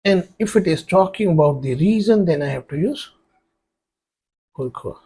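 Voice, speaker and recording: This man's voice is high, animated, and dark-toned with a breathy edge, at a moderate pace. As a French tutor giving an exam-prep grammar lesson, he walks through each step, writes on a board, and spells words letter by letter.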